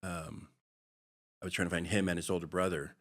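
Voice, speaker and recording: A man's voice: deep voice, level tone, fairly quick, fairly bright tone. A middle-aged man from Hawaii, a podcast guest telling his life story in an earnest, rambling way full of fillers. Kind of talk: personal storytelling interview.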